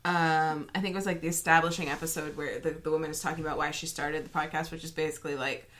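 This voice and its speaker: A woman's voice: low-pitched, fairly even intonation, fast talker, fairly bright tone. A woman co-hosting a podcast in casual chat, talking with lots of fillers and restarts. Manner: chatty, many fillers and restarts. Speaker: podcast co-host.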